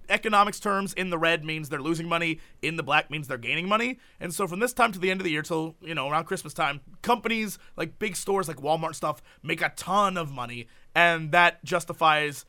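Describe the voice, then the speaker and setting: A young man in casual comedic chat with a friend, animated and jokey, rambling with restarts. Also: on the high side, brisk, few pauses. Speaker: co-host.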